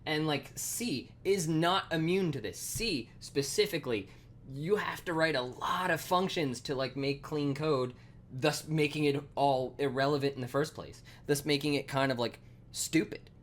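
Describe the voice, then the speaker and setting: A man with a fairly high, bright voice talks at a moderate pace over slight background noise while coding on a live stream. He rambles and swears, packing in fillers and muttering code to himself between rants.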